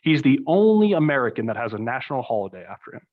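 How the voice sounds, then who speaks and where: Young man, podcast guest, casual rambling chat, middle pitch, slightly dull sound. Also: sing-song, quick pace. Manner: rambling storytelling full of fillers and asides. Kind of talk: casual conversation. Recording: slightly muffled recording.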